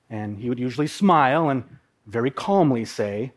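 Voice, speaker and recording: A man's voice: mid-range voice, expressive, fairly quick. A man from Minnesota telling a personal story in a vivid, dramatic way with playful asides. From Minnesota, USA.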